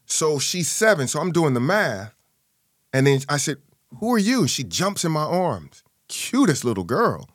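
Dry-voiced man telling a family story. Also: dry recording. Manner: animated, acts out quoted voices with big pitch jumps. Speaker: guest. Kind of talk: personal storytelling in an interview.

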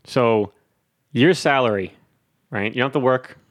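A man's voice: medium pitch, unhurried. A man co-hosting a casual podcast chat, posing blunt hypothetical questions. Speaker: podcast co-host.

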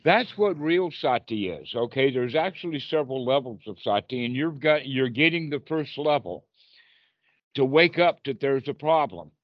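A man's voice: mid-range voice, expressive, moderate pace, no room sound. A man teaching Buddhist meditation on a group video call, playful and encouraging as he acts out inner dialogue. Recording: dull lo-fi call audio.

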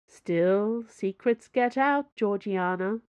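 A woman's voice: mid-range voice, slow pace, a little mellow, clean tone, dry recording, lightly acted. Woman narrating sarcastic smug man, teasing, drawn out, dry close sound. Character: sarcastic smirking male invader, mocking.

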